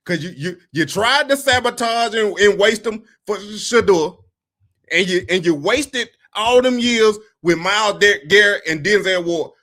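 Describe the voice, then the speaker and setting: A man's voice: sits high, pushed and bright. A man giving an emphatic, informal football rant, talking straight at the listener. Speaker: football commentator. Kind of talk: casual sports rant.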